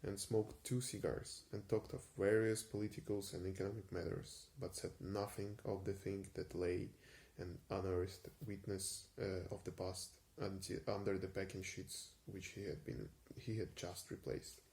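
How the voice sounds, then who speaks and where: A man giving an unhurried ASMR reading of a vintage story, with frequent small hesitations. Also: low voice, fairly even intonation, vocal fry, darkish tone. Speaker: reader.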